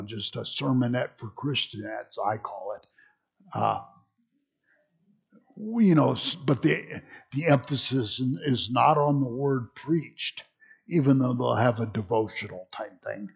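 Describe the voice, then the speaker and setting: A man's voice: mid-range voice, vocal fry, slightly rough. A man teaching a church history class in a conversational lecture style, full of fillers and restarts.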